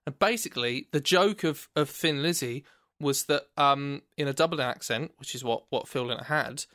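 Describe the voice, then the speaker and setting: A man's voice: medium pitch, moderate pace, a bit bright, no room sound, studio quality. A British man co-hosting a podcast, rambling enthusiastically about music in casual chat. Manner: rambling, enthusiastic, laughs often. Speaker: podcast co-host.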